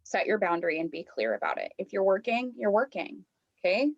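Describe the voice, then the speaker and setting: A woman guest on a podcast, chatting casually and telling an animated story full of fillers and acted-out quotes. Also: mid-range voice, a little fast, creaky, dry recording, lo-fi sound. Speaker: podcast guest, lifestyle coach. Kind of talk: casual chat.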